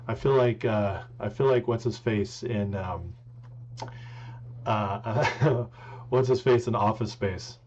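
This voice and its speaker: A man hosting a political live stream in casual talk, joking and rambling as he tries to speak softly. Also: fairly low pitch, slow pace. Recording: dull lo-fi with faint hum.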